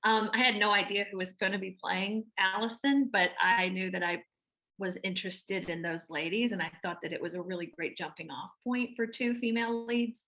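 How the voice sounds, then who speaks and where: An actress with a Southern American accent answers interview questions as a guest, chatting away with lots of restarts and fillers. Her mid-range voice moves at a normal speed and sounds bright and forceful.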